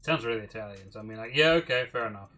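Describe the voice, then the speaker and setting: Bright-voiced man musing aloud. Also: on the low side, lively intonation, rapid-fire, soft background music. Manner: musing aloud, mildly profane. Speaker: streamer. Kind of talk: casual livestream commentary.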